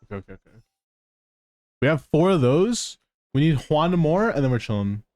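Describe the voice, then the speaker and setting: This man's voice is a little high and darkish, swinging widely in pitch at a moderate pace, with clean, dry studio sound. He chats loosely with viewers during live gameplay, cursing, ribbing them, and laughing often.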